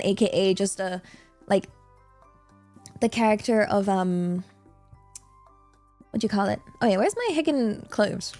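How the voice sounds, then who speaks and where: A woman's voice: fairly high pitch, a little mellow. Giggly woman streaming. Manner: rambling, giggly, many fillers. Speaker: VTuber streamer. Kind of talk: casual livestream Q&A chat.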